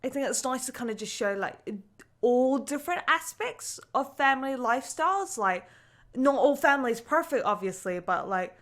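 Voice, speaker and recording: A woman's voice: fairly high pitch, expressive, normal speed, a bit bright. A young woman reacting live to an anime, emotional and casual, swearing often and saying "like" a lot. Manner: emotional, swearing, frequent "like" fillers.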